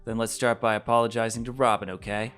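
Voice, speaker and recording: A man reading a visual novel aloud, voicing a gentle but bold young princess made of glass who speaks calmly, frankly and kindly. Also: mid-range voice, fast, faint music behind, natural voice. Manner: calm, frank and kind.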